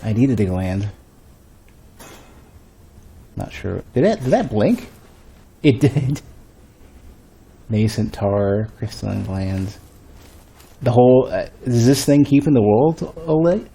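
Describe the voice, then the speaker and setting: A man's voice: mid-range voice, very animated, slow pace, vocal fry, pauses often, warm tone, slightly rough. A man streaming a game, thinking aloud and rambling in a casual, self-mocking way. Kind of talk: casual gameplay commentary.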